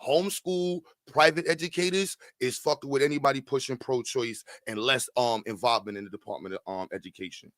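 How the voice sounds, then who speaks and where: Man, podcast host, casual reaction commentary, profane, animated, mid pitch, dry close sound. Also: a little fast, few pauses, dry recording. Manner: animated, profane, swings between calm and loud.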